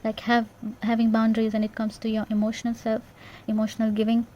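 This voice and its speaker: A woman giving an intuitive tarot reading in a gentle, reassuring way, repeating herself and checking in with "yeah?". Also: a little high, completely flat delivery, fast talker, a little hiss or hum. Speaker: tarot reader.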